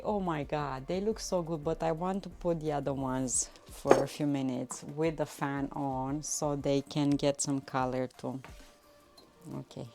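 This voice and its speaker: A woman chatting with her viewers while she cooks in a home kitchen, excitable and talkative, with some non-native phrasing. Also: sits low. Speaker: cooking livestreamer. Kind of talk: casual live cooking chat. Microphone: phone.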